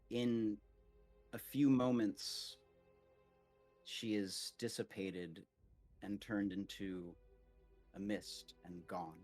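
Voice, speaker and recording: A man's voice: on the low side, a little mellow. A man narrating a tabletop game as game master in a casual, rambling way, full of "like" fillers.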